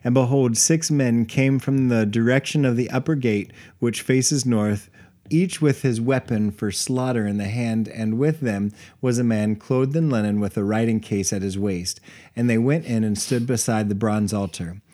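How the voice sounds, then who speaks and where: A man's voice: mid-range voice, normal speed, dark tone. A man co-hosting a casual Bible study podcast, reading scripture aloud and then chatting with easy laughs. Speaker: podcast co-host.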